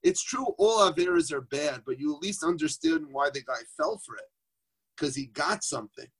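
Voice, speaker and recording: A man's voice: fairly high pitch, sing-song, moderate pace, husky. A man teaching Torah informally on a group phone call, conversational, asking rhetorical questions and mixing in Yiddish and Hebrew terms.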